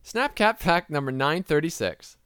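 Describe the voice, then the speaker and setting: A man's voice: fairly high pitch, lively intonation, moderate pace, a bit bright, clear, resonant tone. A man hosting a casual comedy podcast, playful and often laughing mid-sentence. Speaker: podcast host.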